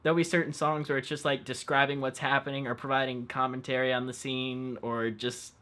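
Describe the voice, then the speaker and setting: A man's voice: medium pitch, level tone, brisk, sharp tone. A man hosting an interview, asking enthusiastic fan questions in a casual chat. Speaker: interviewer host.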